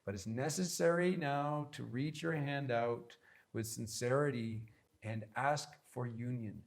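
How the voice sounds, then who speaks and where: A man's voice: mid-range voice, measured pace, gravelly. A man giving an instructional talk on spiritual practice, earnest and emphatic, with many repeated phrases. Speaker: spiritual teacher.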